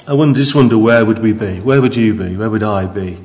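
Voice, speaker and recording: A man's voice: lowish voice, fairly quick, few pauses, darkish tone. Chatty male preacher in a reverberant hall. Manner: conversational and jokey, with restarts and asides to the congregation. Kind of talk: sermon. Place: church.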